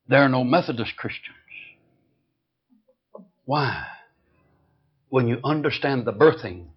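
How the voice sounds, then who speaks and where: A man's voice: mid-range voice, breathy edge, highs cut off. A man preaching an emphatic sermon, telling a story and repeating points for stress.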